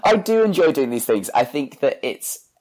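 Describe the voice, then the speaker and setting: A man's voice: mid-range voice, very animated, moderate pace, a little mellow. A man in his twenties with a British accent, a podcast guest telling rambling, self-deprecating stories in casual chat. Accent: British English. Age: 20s. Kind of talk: casual chat, anecdotal storytelling.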